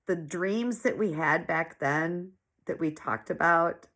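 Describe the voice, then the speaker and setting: A woman's voice: fairly low pitch, slow pace, a bit bright. Earnest woman in her forties, heartfelt. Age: 40s. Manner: emotional, earnest, repeats phrases for emphasis. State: teary-eyed, sniffling. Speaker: small business owner sharing her story. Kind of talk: heartfelt personal monologue.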